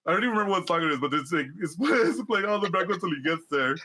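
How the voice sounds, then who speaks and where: Brief: male podcast co-host, bright forceful tone, slightly high, laughs through loose swearing storytelling. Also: racing, slight background noise. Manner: animated, laughing storyteller who swears a lot. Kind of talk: casual chat.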